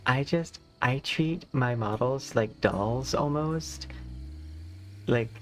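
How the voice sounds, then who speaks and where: A man's voice: medium pitch, takes it slowly, a little hiss or hum. A man with a lisp, talking in rambling, casual stream chat full of fillers as the host. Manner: rambling, filler-heavy, chatty.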